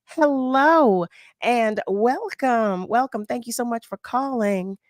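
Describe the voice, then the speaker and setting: A woman hosting a live call-in radio talk show, excited, exclaiming and repeating herself as she reads out listener messages. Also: a little high, slow, no room sound, clean studio sound.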